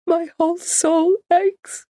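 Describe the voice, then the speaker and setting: A grieving woman pours out her sorrow in a high, quavering voice that drags with tears, as a woman reader puts her on. The sound is close and dry, with no room around it. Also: expressive, dry recording. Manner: high, trembling, slow sobbing delivery. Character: grieving woman friend, tearful and raw.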